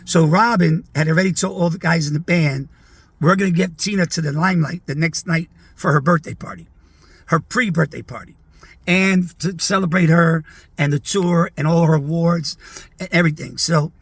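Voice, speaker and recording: Man in his sixties with a husky, raspy high voice, spinning a chatty, meandering anecdote for viewers. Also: steady tone, moderate pace, dry recording. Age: 60s. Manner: chatty, rambling, peppered with "like" and "okay?". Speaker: video storyteller. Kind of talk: casual anecdote told to viewers.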